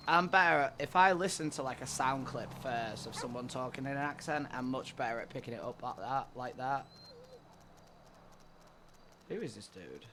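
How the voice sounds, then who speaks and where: A man's voice: medium pitch, moderate pace, noisy background. Laid-back rambling male streamer. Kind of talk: casual chat with viewers during a roleplay stream.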